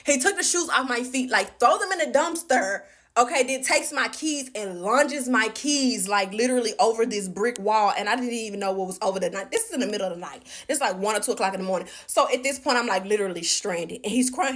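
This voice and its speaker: A woman telling a personal story to her viewers in an animated, chatty way. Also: a little high, fairly quick. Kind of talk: casual storytime vlog.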